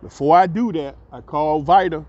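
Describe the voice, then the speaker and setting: A man telling a long personal story as a vlogger, animated and acting out the voices of the people in it. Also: fairly high pitch, a little fast. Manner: animated, acts out voices, laughs mid-story. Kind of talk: storytelling monologue. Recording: dull lo-fi recording.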